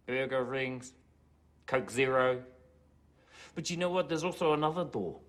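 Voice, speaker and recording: An actor playing a joking, folksy preacher who addresses a congregation in a film sermon, with a playful, drawn-out delivery. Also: male voice, on the high side, close to an everyday voice.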